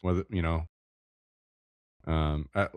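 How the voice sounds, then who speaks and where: A podcast guest with a very deep voice talks haltingly. He restarts and hunts for words as he goes. The recording is dry and close. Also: fairly even intonation, smooth, dry recording. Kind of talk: casual chat.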